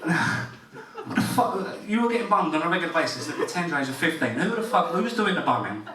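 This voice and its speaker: A man's voice: fairly high pitch, animated, quick pace, distant mic. Crude stand-up comic, man. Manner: crude, storytelling, swears freely. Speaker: stand-up comedian. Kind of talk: stand-up set. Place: comedy club stage. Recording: roomy club audio, laughing crowd.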